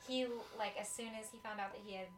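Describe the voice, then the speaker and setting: A woman from the United States talks casually as a co-host, chatty, with lots of fillers and the odd swear word. Her voice sits at a middle pitch. She is heard from a distance in an echoey room with a faint hum of ambience. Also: steady tone, brisk. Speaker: podcast co-host. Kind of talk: casual chat.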